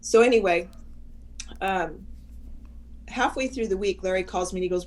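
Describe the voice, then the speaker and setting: Give me an older woman in an interview, recounting her past with lively energy and halting restarts. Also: mid-range voice, rough recording. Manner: animated storyteller, acts out quoted voices, frequent restarts. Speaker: guest chaplain. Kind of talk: personal storytelling in an interview.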